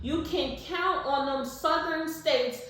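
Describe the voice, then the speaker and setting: A woman in her fifties co-hosting a podcast, talking loudly and bluntly with plenty of swearing in a casual political discussion. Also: high-pitched, slow pace. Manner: loud, blunt and profane. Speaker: podcast co-host. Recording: echoey room, distant mic.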